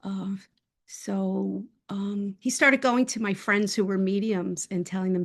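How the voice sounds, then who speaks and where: A woman's voice: medium pitch, fairly even intonation, moderate pace, fairly bright tone. A woman telling a personal story as a guest speaker in a casual, heartfelt way, rambling with many fillers and restarts, over a video call.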